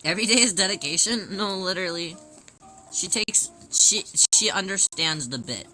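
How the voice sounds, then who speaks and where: A woman hosting a casual livestream, chatting and answering viewers' questions in a lively way with many restarts. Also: mid-range voice, moderate pace, soft background music. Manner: animated, reads and answers chat, many restarts. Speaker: livestream host.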